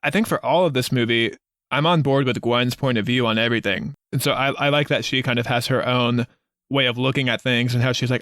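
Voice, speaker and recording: A man's voice: medium pitch, a little fast, fairly bright tone, no echo, studio quality. A man co-hosting a casual film review chat, earnest and repeating words as he starts sentences. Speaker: podcast co-host.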